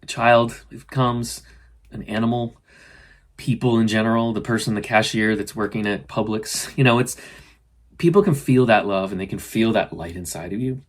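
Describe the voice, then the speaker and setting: A middle-aged man, host of a spiritual podcast, talking earnestly and gently about self-love, often voicing his own inner dialogue. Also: lowish voice, normal speed. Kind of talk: casual spiritual self-help talk.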